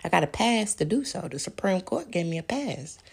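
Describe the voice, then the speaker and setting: A woman's voice: on the low side, big pitch swings, a little fast, gravelly, slightly rough. A woman, hosting a podcast and delivering a profane, heated monologue full of rhetorical questions. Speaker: podcast host.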